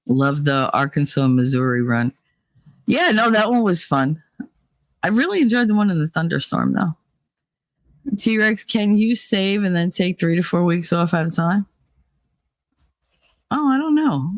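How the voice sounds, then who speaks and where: On a livestream away from home, a woman with a fairly low pitch tells profane stories, responds to chat and imitates people she quotes. The recording is dry.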